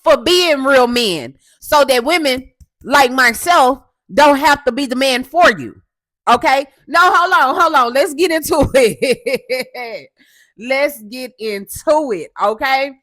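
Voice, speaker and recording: A woman from Houston hosting a casual commentary show, loud and assertive, with a coarse voice, often tagging "okay?". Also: high-pitched, expressive, slow pace, dry recording. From Houston, Texas. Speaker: host.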